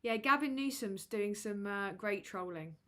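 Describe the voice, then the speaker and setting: A woman chats through a loose livestream, reading super chats aloud. She talks slowly at a middling pitch, with a crude, sardonic, roasting manner. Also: expressive, bright, forceful tone. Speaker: livestream host.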